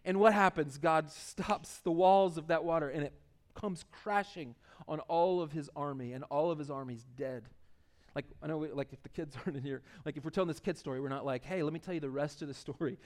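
A man's voice: a little high, a little fast. A male pastor giving an informal, conversational sermon and often repeating words as he starts his sentences.

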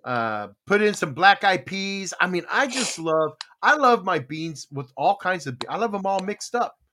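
A co-host on a morning show chats casually about food in a folksy, wandering way, packed with fillers. His voice is high and sharp-toned, with big pitch swings and an unhurried pace.

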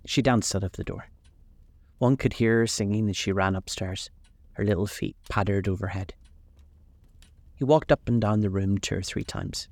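A man narrating a classic novel as a calm, measured bedtime audiobook reading. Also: on the low side, no echo.

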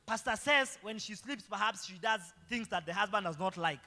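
A man's voice: sits high, normal speed, sharp tone. A male pastor preaching a sermon, throwing rhetorical questions to the congregation. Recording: long hall reverb with faint guitar.

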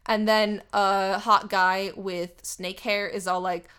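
A woman's voice: medium pitch, slow pace, smooth. A woman in a casual podcast chat, recapping a cartoon episode and acting out the characters' lines in little voices. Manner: animated, acts out quotes in little voices. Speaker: podcast co-host.

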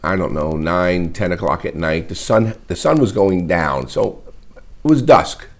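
A middle-aged man, a pastor, preaching an emotional sermon in a halting, repetitive way, close to tears. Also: low voice, lively intonation. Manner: emotional, wears heart on sleeve; halting, repeats words often. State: tearful. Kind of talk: livestreamed sermon.

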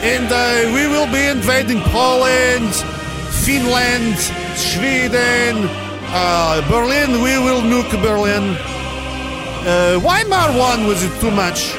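A man's voice: very high voice, animated, takes it slowly, loud music behind the voice, full character voice. A man voicing a blunt, menacing Russian spokesman in broken English with a mock Russian accent.

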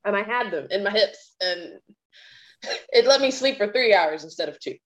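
A frank woman guest speaking plainly in a conversational interview. Her voice sits at a middle pitch. The audio sounds a little dull and lo-fi, as if recorded remotely. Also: animated, moderate pace. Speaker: guest, violist and educator.

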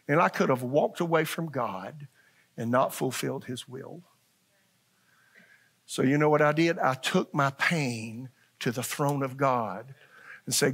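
A man's voice: mid-range voice, unhurried, a bit bright, breathy edge. A man in his sixties preaching a sermon to a church congregation, folksy and earnest, repeating lines and checking in with his listeners. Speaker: pastor. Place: church sanctuary.

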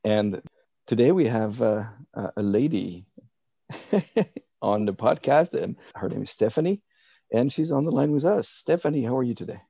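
A man's voice: mid-range voice, lively intonation, moderate pace, gravelly, dark tone, husky, no room sound. A man hosting a podcast, chatting playfully and laughing often as he interviews a guest. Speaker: podcast host. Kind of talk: casual interview chat.

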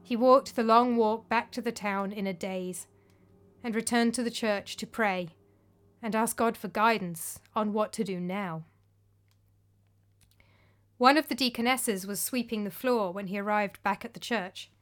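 A woman reading a story aloud in a calm, measured storytelling style. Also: mid-range voice. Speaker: narrator. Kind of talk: storytelling narration.

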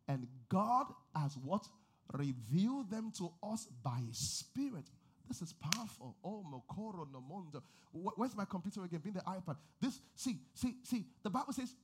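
A man preaching to a congregation in a high, husky voice. He moves between hushed, close explanation and big shouted passages. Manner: animated preaching, swinging from quiet to shouting. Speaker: pastor. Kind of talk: sermon. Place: church before a congregation.

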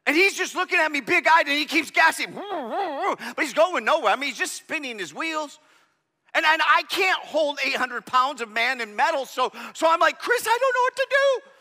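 A pastor telling a personal story in a sermon, animated, swinging from shouting to hushed. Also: male voice, very high voice, normal speed, long reverb tail.

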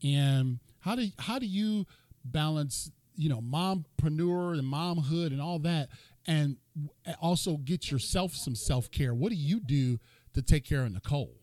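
A man hosting a casual interview, talking to the audience in lively asides with a preachy streak. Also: fairly high pitch, measured pace, no echo. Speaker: host.

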